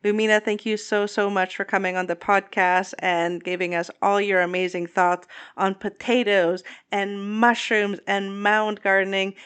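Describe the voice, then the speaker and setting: A podcast host with a smooth, clear, mid-pitched voice keeps the talk upbeat and joking. She speaks straight to her listeners and her guest. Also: flat delivery, moderate pace, hardly any pauses, fairly bright tone. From Southwestern Quebec. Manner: upbeat, playful, addresses listeners. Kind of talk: casual podcast interviewing.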